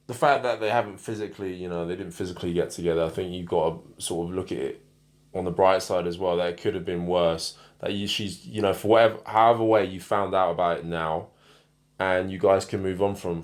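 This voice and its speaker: Man, low voice, calm, steady, casual podcast chat. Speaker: co-host.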